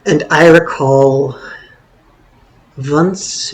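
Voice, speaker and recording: A hoarse young man with a gravelly, creaky edge and a slightly higher pitch than most men tells a personal story. He drawls along very slowly, meandering and mocking himself with dry humor. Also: steady tone. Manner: meandering, self-deprecating, wry. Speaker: vlogger.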